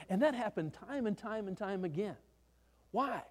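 Male preacher, high-pitched, folksy sermon storytelling with restarts, reverberant hall. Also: expressive, brisk, a little mellow.

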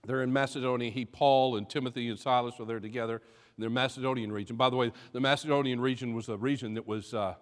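Emphatic preacher in a reverberant hall. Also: male voice, mid-range voice, steady tone, quick pace. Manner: preaching with rising emphatic bursts. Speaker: pastor. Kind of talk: sermon with a told joke.

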